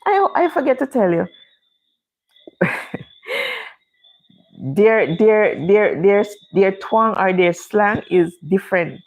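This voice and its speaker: A woman's voice: mid-range voice, lively intonation, takes it slowly, pauses often, narrow, tinny audio. A middle-aged Jamaican woman with a Jamaican accent, chatting casually to viewers on her own livestream. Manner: chatty, speaks Jamaican English. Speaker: livestream host.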